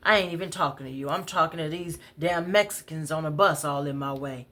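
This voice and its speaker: A woman voicing an angry middle-aged man in a wheelchair who shouts and curses. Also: deep voice, fairly quick. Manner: loud, cursing, combative.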